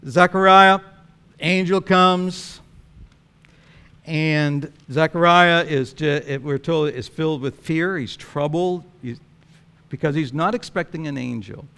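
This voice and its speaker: A male pastor delivering a sermon in an animated, storytelling manner, with frequent chuckles. His speaking voice sits somewhat high for a man. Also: slow pace, clean tone.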